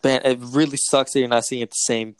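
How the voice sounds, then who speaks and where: A young man co-hosting a podcast, chatting casually and excitedly about a basketball game, slangy and swearing freely. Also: medium pitch, a little fast, smooth. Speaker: podcast co-host. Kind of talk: casual sports chat.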